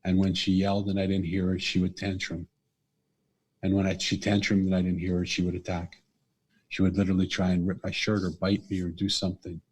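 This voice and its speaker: A middle-aged man, a podcast guest and author, telling a personal story in an earnest, animated way. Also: deep voice, brisk, husky. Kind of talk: conversational storytelling.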